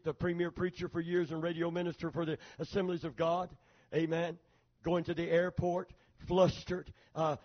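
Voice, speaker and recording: A male pastor with a high-sitting voice preaches a sermon emphatically, calling out for amens from the congregation. The recording is dull and lo-fi.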